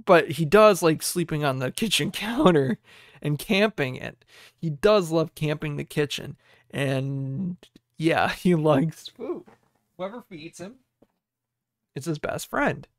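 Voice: medium pitch, lively intonation, takes it slowly, no room sound. Dry, rambling young podcast host. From United States. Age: 20s. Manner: meandering, reminiscing, many fillers. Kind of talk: casual solo chat.

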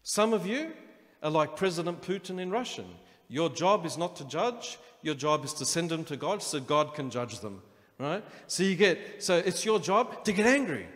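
A man's voice: fairly high pitch, moderate pace. Preaching man, in a reverberant hall. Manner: animated preaching with acted-out inner voices. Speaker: pastor. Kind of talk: sermon. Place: church hall.

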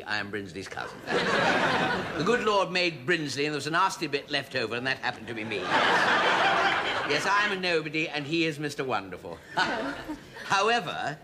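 An actor playing an awkward, self-pitying grown son, flustered and sarcastic. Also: male voice, medium pitch, big pitch swings, normal speed, long pauses, heavy background noise, close to an everyday voice. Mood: sheepish. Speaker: put-upon son. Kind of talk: sitcom acting.

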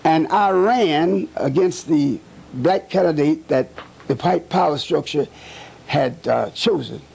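An older man recalling his civil rights years in an interview, speaking deliberately and emphatically with many hesitant fillers. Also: on the high side, gravelly, darkish tone, slightly rough. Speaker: civil rights leader and politician. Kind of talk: reflective oral-history interview.

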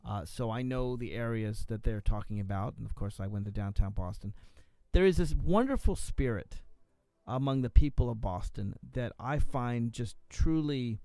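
A male talk radio host with a smooth, resonant voice, recorded dry and close on a studio mic. He talks loosely, with plenty of uhs and restarts. His pitch sits in an ordinary middle range. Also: expressive, moderate pace, warm tone, no room sound. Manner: conversational, with frequent fillers and restarts.

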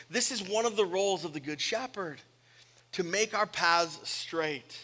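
A man delivers a sermon with a high, bright voice, pushing hard on key lines and dropping low and gentle for stories. The recording carries a long reverb from a large church hall. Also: normal speed. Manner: expressive, swings from loud emphasis to soft storytelling. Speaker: pastor.

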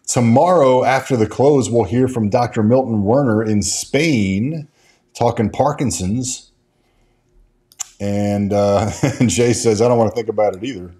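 A man's voice: medium pitch, darkish tone. Rambling man hosting a stock livestream. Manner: rambling, with frequent restarts and fillers; reads out and answers viewer chat. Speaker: stock market show host. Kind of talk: casual livestream commentary.

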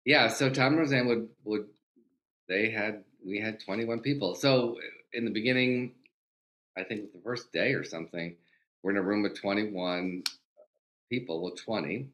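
Older man, low voice, lively storytelling guest, acts out quotes, swears casually. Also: normal speed, lo-fi sound. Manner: animated anecdotes, acts out quoted dialogue, swears freely. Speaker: guest, TV comedy writer.

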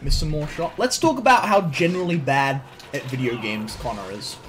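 A man's voice: mid-range voice, a little fast, fairly bright tone. A man bantering casually with a friend over a video game, making dry ribbing remarks. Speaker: co-player.

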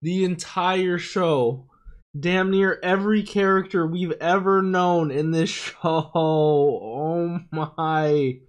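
A man reacting live to an anime episode, swinging between hushed dismay and loud excited outbursts. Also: high-pitched, takes it slowly. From United States.

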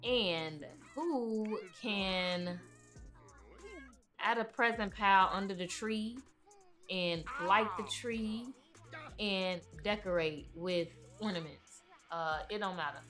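Slow, chatty woman streaming a game. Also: medium pitch, fairly bright tone, soft background music. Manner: chatty, talks to her game characters. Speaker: gaming livestreamer. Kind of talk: casual livestream commentary.

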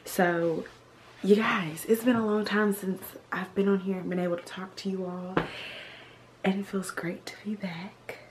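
A young woman vlogging from a car, chatty and upbeat, leaning on drawn-out repeats. She talks at an easy middle pitch into a handheld phone, with a faint hiss of noise under her voice. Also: fairly even intonation. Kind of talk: casual vlog chat to camera.

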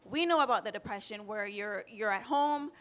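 A woman's voice: medium pitch, normal speed, a bit bright, a little hiss or hum. A woman in her thirties from Jamaica, telling her own story on a panel in a candid, emotional way, close to tears at times. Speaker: panelist sharing personal story. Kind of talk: personal testimony on a panel.

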